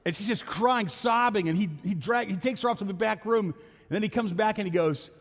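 A man preaching a sermon as pastor, talking fast and telling jokes in a church sanctuary. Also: high-pitched. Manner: fast-talking, joking storyteller. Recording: long hall reverb.

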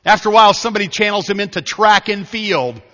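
A middle-aged male pastor preaching a sermon, telling stories and swinging from hushed asides to loud, urgent preaching. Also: high-pitched, fast talker. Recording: muffled hall reverb.

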